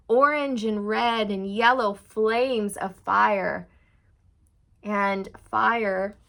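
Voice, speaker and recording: A young adult woman giving a slow, soothing channeled tarot reading, speaking straight to her viewers. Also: medium pitch, fairly bright tone. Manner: slow, soothing, spiritual, addresses viewers as you guys. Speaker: tarot reader.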